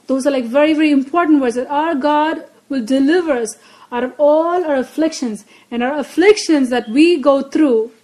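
A woman's voice: high voice, darkish tone, rough recording. A woman preaching a Bible lesson, earnest and repeating her key phrases for emphasis. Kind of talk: Bible teaching.

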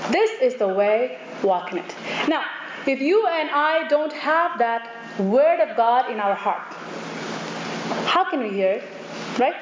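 A woman with a high voice preaches a sermon. She puts questions to her listeners and acts out the voices she quotes. The recording is echoey, dull and lo-fi, with clear noise behind her.

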